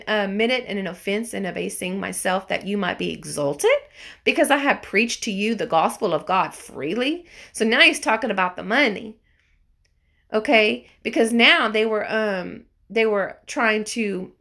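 A woman's voice: mid-range voice, gravelly, bright, forceful tone. A woman giving an informal Bible study, reading verses aloud and explaining them in earnest, emphatic asides. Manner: reads scripture aloud, then explains in casual asides. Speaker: Bible teacher.

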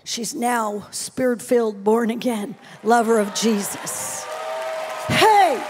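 A middle-aged woman preaching a sermon with personal testimony, animated and playful, dropping to hushed tones between exclamations. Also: on the high side, slow, slight background noise. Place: large event hall, live audience.

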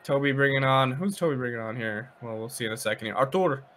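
Canadian male co-caster, bright tone, relaxed analytical game commentary. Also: mid-range voice, fast talker. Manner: relaxed, agreeable, analytical about play. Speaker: esports commentator.

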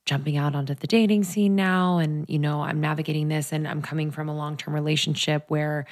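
A woman's voice: low voice, fairly even intonation, brisk, darkish tone. A woman in her thirties hosting a podcast, asking questions in a rambling, chatty way full of "like". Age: 30s. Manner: chatty, rambling, heavy use of "like". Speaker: podcast host. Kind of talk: casual chat.

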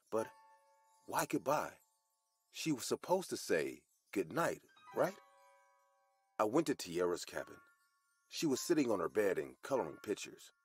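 A man narrates a hospital horror story in the first person, with a very low, husky voice. His delivery is measured, with dramatic pauses and a lively rise and fall in pitch.

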